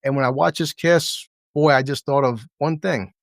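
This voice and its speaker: A man talks through a TV episode in a loose, profane review, full of sarcasm and mocking asides. His pitch sits in an ordinary middle range. The sound is dry with no room echo. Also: vocal fry. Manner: impersonates characters in quick asides. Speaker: TV show reviewer. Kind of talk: casual spoken review.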